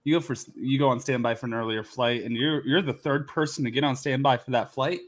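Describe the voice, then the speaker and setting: A man co-host speaks in a relaxed podcast chat. His voice is of middling pitch, and he talks hesitantly, filling his pauses with ums and restarts. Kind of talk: casual chat.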